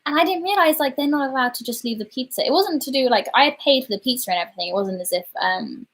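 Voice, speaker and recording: A woman's voice: high voice, animated, fast talker, a bit bright. A woman chatting casually on a livestream, telling an embarrassing story with lots of fillers and self-deprecation. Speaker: livestream host.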